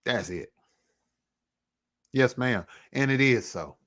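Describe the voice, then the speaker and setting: A man speaks to his camera in an earnest, reflective way, unhurried and personal. His voice sits at an ordinary middle pitch, relaxed and conversational, sometimes falling almost to a hush. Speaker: vlogger. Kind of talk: personal testimony vlog.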